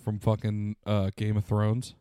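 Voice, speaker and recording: A man's voice: fairly low pitch, completely flat delivery, measured pace, dark tone, clean tone, dry recording, clean studio sound. A man hosting a podcast in casual chat, joking, teasing and swearing. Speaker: podcast host.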